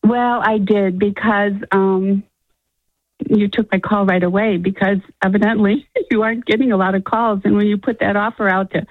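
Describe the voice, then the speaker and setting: A woman calling in to a radio show, talking in a halting way with frequent restarts and an easy chuckle. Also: mid-range voice, steady tone, no echo. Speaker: caller. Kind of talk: phone-in conversation. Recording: phone line.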